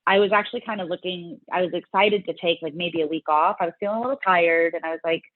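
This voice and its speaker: A fast-talking woman with a lowish voice, middle-aged and from Louisiana in the US South, chats as a guest in a relaxed interview with no room sound. A fitness competitor, she plays out her past reactions in quotes. The recording is dry and tinny, as though over a phone.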